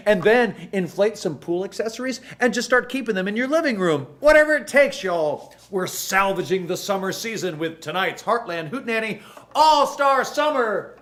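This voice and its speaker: A man's voice: high voice, lively intonation, normal speed, fairly bright tone. A man hosts a live-streamed music show from a studio, using folksy, theatrical showman patter full of jokes. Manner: folksy, theatrical announcer delivery.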